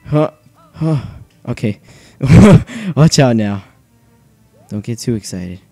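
A young man commenting on his own video game play, nervous and self-mocking, breaking into shouts. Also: lowish voice, dry recording. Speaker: gaming channel host. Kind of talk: excited let's play commentary.

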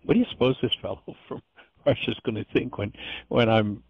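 Male course teacher, husky and gravelly, earnest and digressive delivery; dull lo-fi call sound. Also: lowish voice, a little fast, no echo. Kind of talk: informal course lecture.

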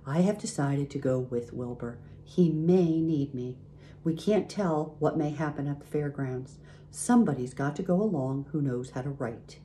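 A woman voicing a gentle, wise female spider who speaks softly and calmly. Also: low voice, a little hiss or hum. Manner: soft and measured.

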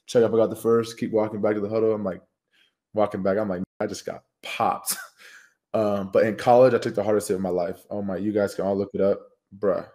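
A young man in his twenties with a slightly low voice co-hosts a casual podcast. His talk is relaxed and slangy, with easy profanity as he tells his stories. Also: quick pace. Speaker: podcast co-host. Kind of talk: casual chat.

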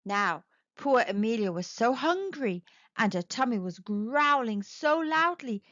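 A woman narrating a children's storybook read-aloud in an expressive, sing-song way, speaking directly to kids. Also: fairly high pitch, measured pace, dry recording. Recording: dull, slightly lo-fi, dry.

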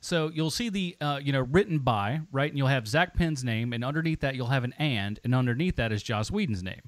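A man's voice: medium pitch, a little fast, no room sound. A man co-hosting a movie podcast, rambling and joking in casual chat. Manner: animated, rambling, jokey asides. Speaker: podcast co-host.

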